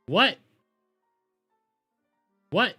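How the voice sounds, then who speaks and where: Man, streamer host, casual chat, rambling, self-deprecating, bright tone. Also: very slow, faint music behind.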